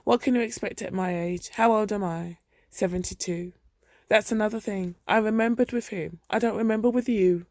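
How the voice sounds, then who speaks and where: A woman's voice: medium pitch, moderate pace, a little mellow, no room sound, clean studio sound, close to an everyday voice. A woman reading a dramatic monologue, voicing a fretful elderly mother in her seventies who scolds and sulks. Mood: bitter. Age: 70s. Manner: scolding, wounded, accusing.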